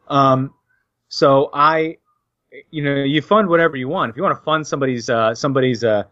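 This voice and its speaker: A man co-hosting a podcast, ranting sarcastically and halting with many fillers. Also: medium pitch, steady tone, pushed and bright, no room sound. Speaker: podcast co-host. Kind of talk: casual opinionated banter. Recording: dull, dry lo-fi podcast audio.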